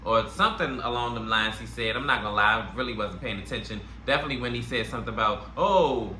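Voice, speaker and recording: A man with a New York accent recaps wrestling shows in a loose, slangy, animated way. His voice is bright and cutting. It sounds like he's talking in an echoey room, with faint noise under it. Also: on the low side, quick pace. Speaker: wrestling review host. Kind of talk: casual YouTube review.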